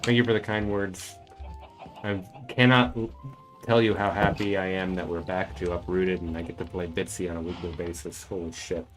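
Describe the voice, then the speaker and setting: A man's voice: sits low, level tone, normal speed, faint music behind. A man streaming a game and chatting casually, thinking aloud as he plays. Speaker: streamer and voice actor.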